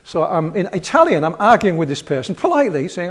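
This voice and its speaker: A man's voice: on the high side, expressive, rapid-fire, hardly any pauses, a little hiss or hum. Chatty Yorkshire man giving a lecture. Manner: rambling, chatty, self-deprecating humor. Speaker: lecturer presenting slides. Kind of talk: casual lecture talk.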